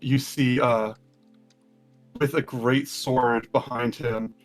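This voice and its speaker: A man's voice: mid-range voice, fairly even intonation, slow pace, soft background music. Man narrating a tabletop game. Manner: hesitant, many fillers. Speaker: game master.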